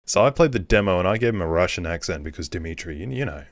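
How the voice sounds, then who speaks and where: A man's voice: sits low, animated, fast, hardly any pauses, no room sound, rough recording. A man casually commenting on a horror game and reading its text aloud. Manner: reads all the characters himself, easygoing. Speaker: gaming video creator. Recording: faint music behind the voice.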